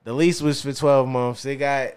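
A man's voice: medium pitch, fairly even intonation, moderate pace, darkish tone, smooth. A man hosting a casual podcast chat, rambling and circling back with "you know what I'm saying" as he tells a story. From Philadelphia. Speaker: podcast host. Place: podcast studio.

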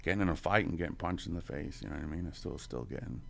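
A man's voice: sits low, very fast, vocal fry. A man in his forties, a podcast guest, telling his story in a casual, profane way, full of "you know" and chuckles. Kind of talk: candid storytelling.

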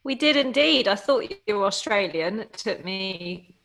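A woman in her thirties, a fitness coach, telling her story as a podcast guest in a lively, laughing manner. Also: medium pitch, measured pace, creaky. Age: 30s. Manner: lively storytelling, acts out quotes, laughs often. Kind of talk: casual interview chat.

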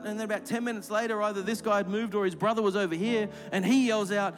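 A man's voice: high voice, fairly even intonation, fast, hardly any pauses. A man preaching a sermon as pastor in a large church, building to emphatic, repeated phrases and leading a prayer. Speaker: executive pastor. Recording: clear music playing under the voice.

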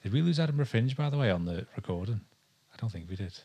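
A man's voice: fairly low pitch, expressive, fast, warm tone, breathy edge, lo-fi sound. A young man from England co-hosting a podcast in casual chat, rambling and hesitant with lots of ums. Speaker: podcast co-host.

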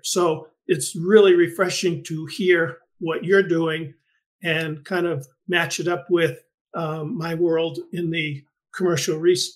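High-voiced man hosting a podcast. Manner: thoughtful, halting with frequent restarts. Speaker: podcast host and greenhouse researcher. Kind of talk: conversational interview.

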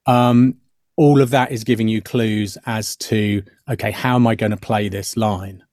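A man's voice: fairly low pitch, steady tone, unhurried, a little mellow, no echo, clean studio sound. A middle-aged man, an actor guest on a podcast, explaining his craft thoughtfully with many fillers and restarts. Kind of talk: podcast interview.

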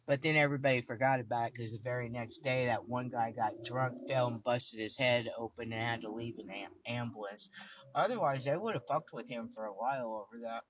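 A woman's voice: very deep voice, a little fast, slight background noise. A woman host telling a long story in casual talk, blunt and swearing freely, acting out the other people's lines as she goes. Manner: blunt, heavily profane, animated retelling with quoted dialogue. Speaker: podcast host.

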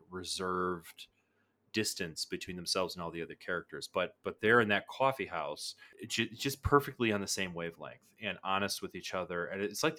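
Low, bright-voiced man. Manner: animated, frequent restarts and quick laughs. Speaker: podcast co-host. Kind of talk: casual film discussion.

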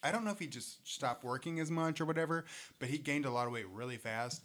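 A man's voice: medium pitch, quick pace. A young man in casual chat, telling rambling stories and laughing them off. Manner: rambling storyteller, laughs through dark stories.

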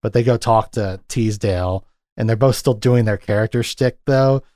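A man with a warm, lowish voice talks at normal speed while co-hosting a casual movie podcast. He wanders through scene recaps with plenty of fillers, and the recording is dry and studio quality.

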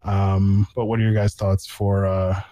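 A man's voice: low-pitched, flat delivery, a little slow, warm tone, dry recording, rough recording. A man hosting a casual sports podcast, rambling with lots of fillers and restarts. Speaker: podcast host.

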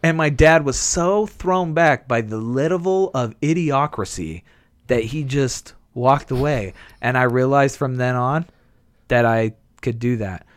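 A man in his twenties chatting casually, telling rambling profane stories and jumping into high squeaky impressions. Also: measured pace, clear, resonant tone, no room sound. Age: 20s. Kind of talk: casual chat.

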